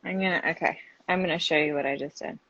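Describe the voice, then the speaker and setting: A woman's voice: low-pitched, fairly even intonation, quick pace, a bit bright, muffled recording. A woman actor chatting casually and self-deprecatingly while baking at home on a live stream. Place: home kitchen. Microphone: phone or video call.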